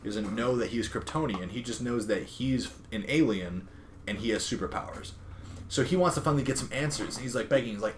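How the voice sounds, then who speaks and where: Man, low voice, casual podcast recap, rambling with fillers, faint hiss. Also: fairly quick. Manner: rambling, filler-heavy retelling with quoted dialogue. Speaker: podcast co-host recapping a comic. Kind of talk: casual chat.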